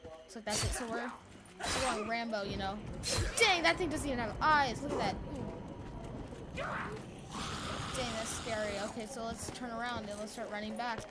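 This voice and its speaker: High-voiced excitable gaming commentator woman. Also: normal speed, long pauses. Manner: rambling, excitable, many fillers like "you know". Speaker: gaming YouTuber. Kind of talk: casual let's play commentary. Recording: home recording with loud background noise.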